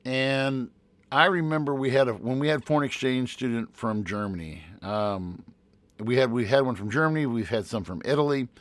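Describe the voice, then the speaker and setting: Here a male teacher co-hosts a casual podcast, speaking at a normal speed with a medium pitch and no room sound. Reading numbers aloud, he wanders off track and starts over again and again.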